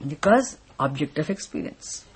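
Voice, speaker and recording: A teacher giving a philosophy lecture in a deliberate way, often stopping to check that listeners follow. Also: mid-range voice, lively intonation, breathy edge. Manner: deliberate, repeatedly checks understanding. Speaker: spiritual teacher.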